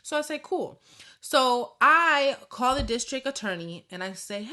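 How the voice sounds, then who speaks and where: A woman's voice: sits high, expressive, unhurried, pushed and bright. A woman in her thirties chatting casually and candidly, swearing freely as she tells a personal story in a vlog. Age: 30s. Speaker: vlogger.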